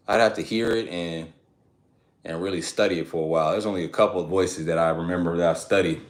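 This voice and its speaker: Man, lowish voice, casual live-stream talk, slangy, cussing, rambling. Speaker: fitness streamer.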